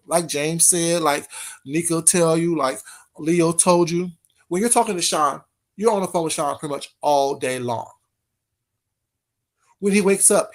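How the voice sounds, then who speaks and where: A man hosting a casual livestream, talking straight to his chat in a heated, repetitive way. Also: on the high side. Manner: heated, talks straight to chat, repeats phrases. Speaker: livestream host.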